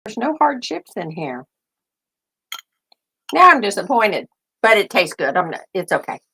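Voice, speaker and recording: A woman's voice: mid-range voice, very animated, unhurried, pushed and bright, slightly rough. An older woman hosting a casual live stream, rambling and thinking aloud as she chats. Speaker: host.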